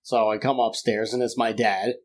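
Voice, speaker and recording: A man's voice: on the low side, flat delivery, normal speed. A man co-hosting a podcast, telling a rambling anecdote with lots of fillers and restarts. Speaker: podcast co-host. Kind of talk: casual chat.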